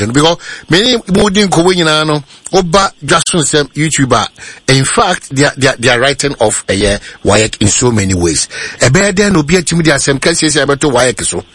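Husky radio host. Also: male voice, fairly high pitch, fairly bright tone, no echo. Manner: conversational, loosely phrased, mixing in local-language phrases. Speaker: radio talk show host. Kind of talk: radio discussion.

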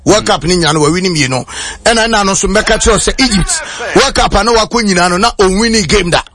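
A man presenting a radio sports segment in a steady, informative way. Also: sits high, a little fast, crowd noise.

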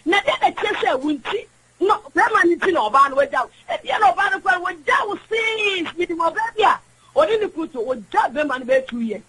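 A woman's voice: very high voice, expressive, a little fast, fairly bright tone, low-quality recording. A woman calling in to a radio show, talking emphatically and in a preachy way while mixing languages. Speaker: radio caller. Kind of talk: call-in opinion talk.

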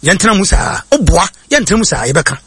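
A man with a Ghanaian accent preaching in a husky voice that sits high and swoops widely in pitch. He reads quoted lines slowly, then rushes into his explanations with plenty of hesitations. The sound is dry and close. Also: lively intonation, fairly bright tone, no echo. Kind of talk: sermon-style teaching, mixing English and Twi.

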